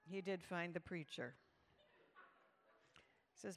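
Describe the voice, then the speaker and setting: A woman's voice: mid-range voice, normal speed. Woman storyteller in an echoing hall. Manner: lively storyteller, animated quoted voices. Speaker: speaker at a church event. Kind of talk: humorous storytelling talk. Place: large hall with live audience. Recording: reverberant hall.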